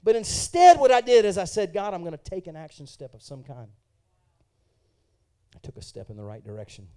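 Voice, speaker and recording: A man preaching a sermon as pastor in a church, moving from quiet, personal testimony to loud, fervent preaching while questioning the congregation. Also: fairly high pitch.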